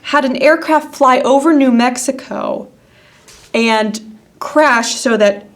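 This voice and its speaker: Animated skeptical woman podcast co-host. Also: high-pitched, slow pace. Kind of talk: casual chat.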